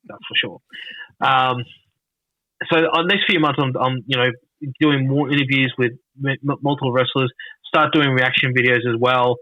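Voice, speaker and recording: An Australian man, a podcast guest, telling stories in a rambling, halting way with lots of restarts and swearing. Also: medium pitch, steady tone, dry recording. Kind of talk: casual storytelling. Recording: dull lo-fi dry sound.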